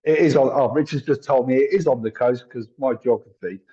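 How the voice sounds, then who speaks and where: Husky-voiced man, chatty psychic. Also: mid-range voice, brisk, dark tone, muffled recording. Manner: chatty, apologetic, thinks aloud with many fillers. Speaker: psychic medium. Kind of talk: live-streamed psychic reading.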